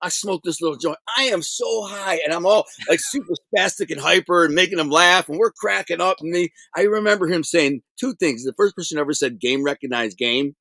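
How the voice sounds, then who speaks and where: A middle-aged man telling prison stories in a casual interview, animated and streetwise, full of slang and acted-out quotes. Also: a little high, fairly quick, few pauses, dry recording.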